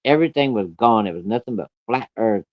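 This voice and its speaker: A man telling a true story in a folksy, rough-spoken way, chuckling as he goes. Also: lowish voice, animated, brisk, dry recording, highs cut off.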